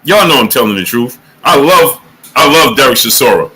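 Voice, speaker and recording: A man hosting a boxing livestream, giving shout-outs to the chat in casual, animated talk, sometimes dropping to a hush. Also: mid-range voice, normal speed, husky. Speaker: livestream boxing show host.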